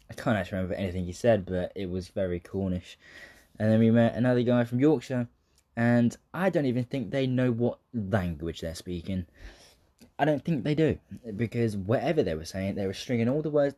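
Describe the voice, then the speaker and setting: A man's voice: lowish voice, moderate pace, dark tone. Laid-back young southern English man. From southern England. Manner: swears freely, laughs often, trails off into tangents. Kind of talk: casual rambling monologue.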